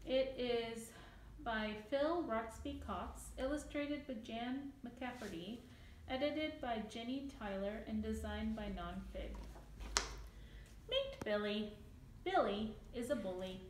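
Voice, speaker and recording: Slow, high-voiced woman reading a picture book. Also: expressive. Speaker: storybook reader. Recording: echoey room, distant mic, faint background noise.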